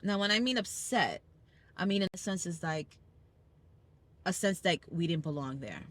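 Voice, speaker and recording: A woman's voice: lowish voice, moderate pace. A woman from Brooklyn with a New York accent, hosting a casual family chat in a car and telling stories with emphatic energy and acted-out quotes. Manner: animated storyteller, acting out quoted people, emphatic. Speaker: podcast host. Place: car on a school commute.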